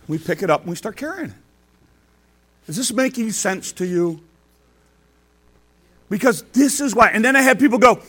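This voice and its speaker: A man's voice: high-pitched, lively intonation, moderate pace, long pauses. An older man, a grandfather, preaching a folksy sermon, telling homely stories and acting out quotes. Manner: folksy storytelling, acts out quotes with big swings in loudness. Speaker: pastor.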